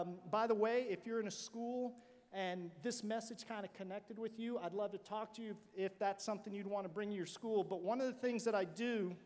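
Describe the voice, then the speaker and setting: Animated high-voiced male keynote speaker. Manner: animated, joking storyteller who swings from shouting to quiet asides. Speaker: motivational speaker. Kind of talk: energetic keynote speech to a student conference. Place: large conference hall. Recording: long hall reverb.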